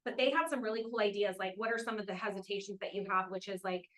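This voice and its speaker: A woman's voice: medium pitch, a bit bright, rough recording. A woman hosting a team meeting, reading out award winners in an upbeat way and cheering them on. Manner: upbeat, cheers names with quick whoops. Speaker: meeting host announcing awards.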